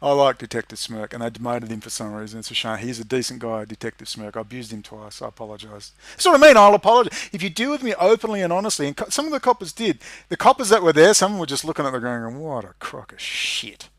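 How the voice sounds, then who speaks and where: A man's voice: medium pitch, sing-song, fast talker, hardly any pauses, fairly bright tone, no echo. An Australian man delivering an emphatic, profane rant as a video commentator. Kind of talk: ranting monologue.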